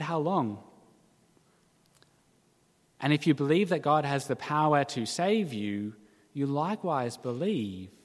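Earnest preaching man in a reverberant space. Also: a little high. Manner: earnest, measured preaching with dramatic quoted cries. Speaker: pastor. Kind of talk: sermon.

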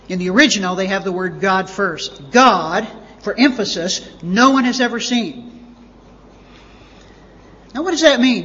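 A man's voice: very high-pitched, a bit bright. A man preaching a sermon as pastor, emphatic and repeating words for stress. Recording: dull lo-fi audio with long reverb.

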